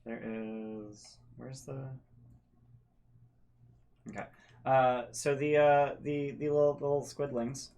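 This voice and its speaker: A man's voice: medium pitch, little pitch movement, slow, long pauses, a little mellow. A man acting as game master, describing scenes hesitantly and with many fillers. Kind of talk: running a tabletop game.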